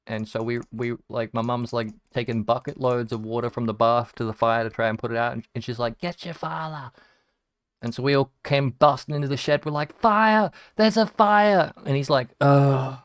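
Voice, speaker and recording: A man's voice: medium pitch, smooth, no room sound, clean studio sound. An Australian man, a gaming streamer, telling rambling stories while he plays, swearing casually and acting out what people said. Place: home room converted from a shed.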